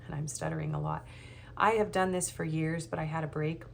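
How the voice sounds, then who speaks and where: Speaking fairly quickly with vocal fry, this tarot reader has a low voice that swings hugely in pitch. She rambles nervously through a casual reading, hesitating with many ums, over slight background noise.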